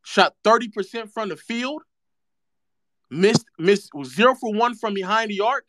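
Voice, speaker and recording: A man's voice: high-pitched, lively intonation, normal speed, sharp tone, no echo, studio quality. A man streaming live, ranting about basketball in a sarcastic, mocking way and repeating phrases for effect.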